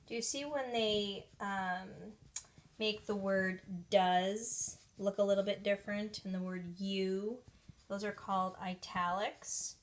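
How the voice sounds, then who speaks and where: A woman reading a children's book aloud, pausing to explain words to young listeners. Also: medium pitch, steady tone, slight background noise. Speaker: reader of children's books.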